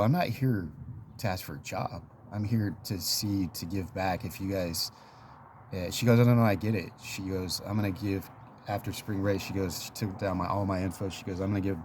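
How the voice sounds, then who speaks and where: Deep-voiced man telling a rambling story. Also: darkish tone, a little hiss or hum. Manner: rambling, chatty, lots of fillers and laughs. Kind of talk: casual storytelling monologue.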